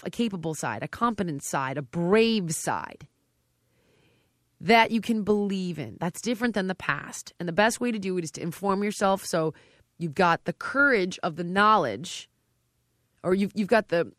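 Brief: middle-aged female trainer, blunt and emphatic, mid-range pitch, dry close-up sound. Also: dry recording. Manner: emphatic and direct, with animated quoted dialogue. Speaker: fitness trainer on a TV show. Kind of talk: conversational interview.

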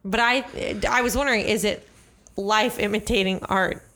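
A woman's voice: mid-range voice, fairly even intonation, moderate pace, bright, forceful tone. A woman co-hosting a podcast in casual chat, teasing and blunt, swearing freely. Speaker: podcast co-host.

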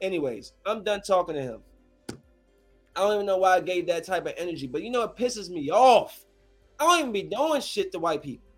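A high-pitched man in his thirties rants straight at his viewers, heated and confrontational, swearing freely. His voice sits well above the usual male range. Soft music plays faintly underneath. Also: animated, a little fast. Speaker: streamer addressing his viewers. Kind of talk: angry rant to camera.

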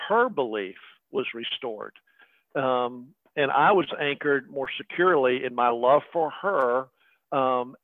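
A man's voice: mid-range voice, dry recording. A middle-aged man preaching a sermon in a conversational way, with many fillers and direct asides to the congregation. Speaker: pastor. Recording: tinny phone-like radio broadcast.

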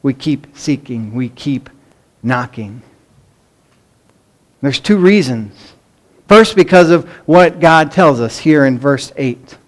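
A man's voice: medium pitch, slow pace, long pauses. A middle-aged man preaching a sermon, telling stories animatedly and mimicking children's pleading voices. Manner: animated storytelling, acts out pleading children in a raised voice. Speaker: pastor.

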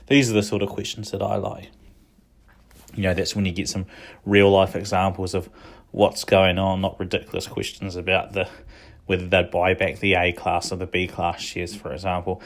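Deep-voiced man giving casual commentary. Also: level tone, normal speed, gravelly. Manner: thinking aloud, frequent restarts and asides. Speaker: commentator recapping a shareholder meeting.

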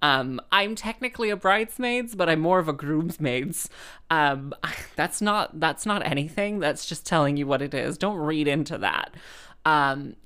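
A woman's voice: deep voice, a little slow, a bit bright, smooth. A woman, a musician telling a rambling comic story, full of fillers and exasperation.

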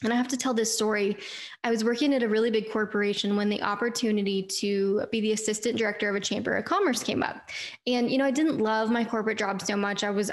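Earnest chatty woman podcast host. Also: mid-range voice. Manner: earnest, chatty, addresses listeners as "you guys". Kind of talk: faith podcast monologue.

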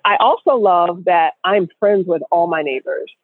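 Animated woman storyteller over a phone line. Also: on the low side, moderate pace, no room sound. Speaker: guest co-host. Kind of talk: casual chat on a group call.

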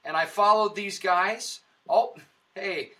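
A man's voice: high voice, slow pace, sharp tone, recorded from a distance. A man guest speaking in a casual interview, earnest and rambling, with a preacher-like way of explaining things. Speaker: comedian and actor, podcast guest.

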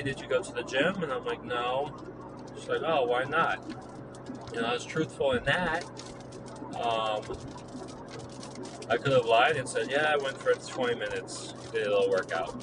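A young man casually telling a personal story, rambling with lots of "like" and acting out both sides of past conversations. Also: mid-range voice. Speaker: vlogger. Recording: steady traffic and vehicle noise outdoors.

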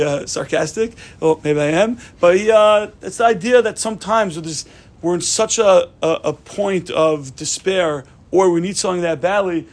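High-voiced man teaching a Torah class. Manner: animated storytelling, many restarts, mixes Hebrew terms into English.

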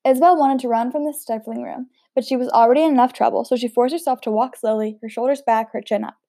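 Woman reading a book out loud, casual, trips on words sometimes, soft mellow tone, kinda high. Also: steady tone, fast, no room sound, clean studio sound. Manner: casual, stumbles over words, chatty asides. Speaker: audiobook reader. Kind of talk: reading a novel aloud with casual asides.

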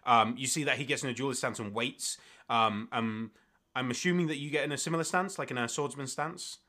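Male game master, bright voice, chatty and filler-heavy narration. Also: medium pitch, a little fast.

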